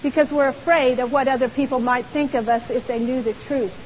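Female preacher, high-pitched, emphatic sermon delivery, faint hiss on a muffled recording. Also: steady tone, a little fast. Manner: emphatic, rhetorical questions. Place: church. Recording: dull lo-fi recording with long hall reverb and faint hiss.

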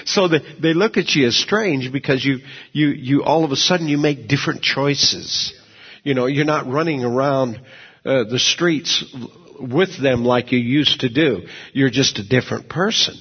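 Male preacher with a husky voice who tells homey stories in the pulpit, recorded muffled and lo-fi. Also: medium pitch, normal speed. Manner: folksy, conversational, repeats words and restarts often. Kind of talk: sermon with personal storytelling.

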